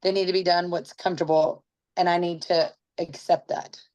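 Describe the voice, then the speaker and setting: A woman's voice: fairly low pitch, flat delivery, normal speed, a little mellow. A woman, a mother, chatting casually on a video call and reading her notes aloud. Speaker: book study participant, mother. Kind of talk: casual group discussion.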